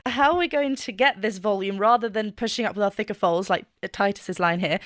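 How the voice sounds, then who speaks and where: A woman's voice: medium pitch, fairly quick, few pauses, no room sound, studio quality. A woman vocal coach reacting to singing clips, laughing often and explaining vocal technique.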